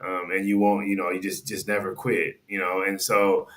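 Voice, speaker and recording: A man's voice: low-pitched, little pitch movement, normal speed, fairly bright tone. A man guest on a podcast, telling a long story in a casual, rambling way, restarting sentences and acting out what people said. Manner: rambling, restarts sentences, acts out quoted dialogue; conversational, with frequent "you know" and "like".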